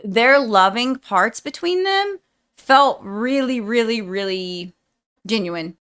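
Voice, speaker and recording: A young woman with a somewhat high voice talks straight to her viewers in a casual vlog. She rambles, fills her sentences with "like," and sounds sincere and affectionate. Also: lively intonation, slow pace, clear, resonant tone. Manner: rambling and chatty, says "like" often; warm and heartfelt toward viewers. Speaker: movie reaction vlogger.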